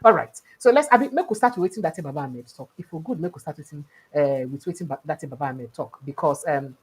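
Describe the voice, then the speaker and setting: Animated woman in Nigerian Pidgin. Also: sits low, fast talker, husky. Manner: animated, mixing Pidgin and English, rhetorical questions. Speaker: host of a political talk show. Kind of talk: lively news commentary.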